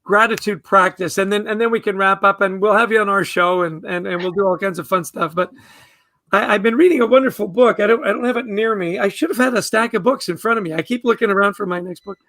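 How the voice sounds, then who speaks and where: A man's voice: high voice, fairly even intonation, fast talker, sharp tone, no echo. A man who is a guest author, talking earnestly in a podcast interview and often repeating words as he starts a thought.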